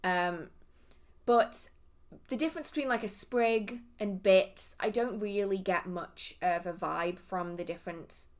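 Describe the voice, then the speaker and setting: A woman's voice: medium pitch, measured pace. Chatty English woman answering questions. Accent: southern English. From England. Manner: chatty, rambling, goes off on tangents. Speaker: witchcraft Q&A livestream host. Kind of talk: casual livestream chat answering viewer questions.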